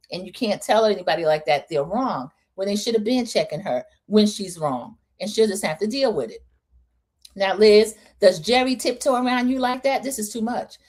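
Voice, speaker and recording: A chatty woman recaps a reality TV episode, full of opinions. She talks in a relaxed, easy way and acts out what the cast said. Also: mid-range voice. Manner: chatty, opinionated, animated quoting of cast members. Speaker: host.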